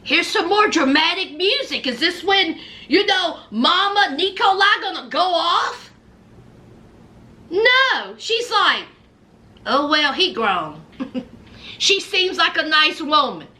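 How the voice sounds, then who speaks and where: Brief: high-voiced woman, bright tone, sassy, animated reality-show reaction vlogger. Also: takes it slowly. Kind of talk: casual reality-show commentary.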